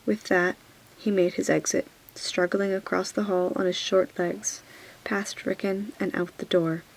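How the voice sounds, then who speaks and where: A woman reading a fantasy novel aloud in a soft whispered role-play, hushed and gentle. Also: mid-range voice, fairly even intonation, a little slow, creaky, rough recording. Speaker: audiobook reader.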